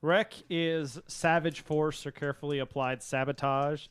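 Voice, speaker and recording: Casting: man, tabletop game master, clear smooth voice, dry close sound, patient with rules. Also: on the high side, fairly even intonation, a little slow, no echo. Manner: laughing, explains rules patiently.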